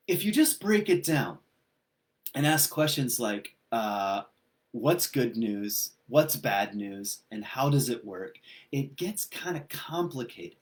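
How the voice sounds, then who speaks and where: Casual conversational male pastor. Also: medium pitch. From Ireland. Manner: relaxed, conversational storytelling with frequent ums. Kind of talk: livestreamed sermon.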